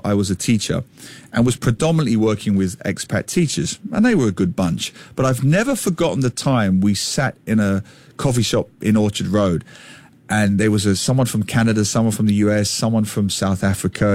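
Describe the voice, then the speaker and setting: A middle-aged man with an East London accent, talking as a podcast guest in an emphatic, animated storytelling way. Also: fairly low pitch, brisk. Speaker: guest, author and former teacher. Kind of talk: casual podcast conversation.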